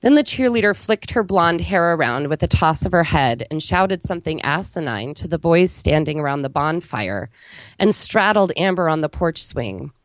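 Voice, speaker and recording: Brief: woman reader, low voice, steady and unflinching storytelling, dry, dull lo-fi recording. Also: moderate pace, no room sound. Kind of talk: reading a literary story aloud.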